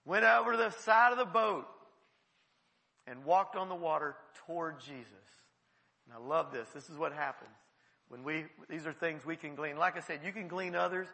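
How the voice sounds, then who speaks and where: A man pastor preaching a lively sermon, acting out Bible figures in quick asides, chuckling often. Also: high-pitched, gravelly, long reverb tail, poor audio. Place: church sanctuary.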